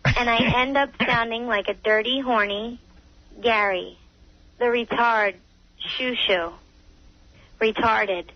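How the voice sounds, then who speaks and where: A woman reading typed messages aloud in a flat, deadpan way, with no feeling. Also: a little high, slow, long pauses. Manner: deadpan, reads without feeling. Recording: dull lo-fi radio broadcast.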